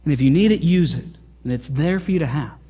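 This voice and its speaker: A man voicing a calm older gentleman in a sermon story, speaking in a reassuring way. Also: a little high, quick pace, slightly rough, big-room sound.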